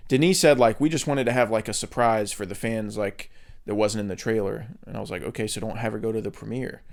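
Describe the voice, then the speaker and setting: A man's voice: on the low side, fairly even intonation, fast talker, vocal fry. A man co-hosting a podcast, talking in a casual, rambling way with lots of fillers and restarts. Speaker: podcast co-host. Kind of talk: casual chat.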